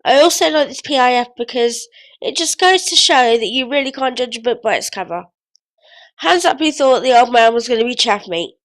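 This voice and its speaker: A woman's voice: a little high, expressive, brisk. A woman in her twenties counting down favourites in a chatty, jokey vlog. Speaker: vlogger. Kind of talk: casual countdown commentary.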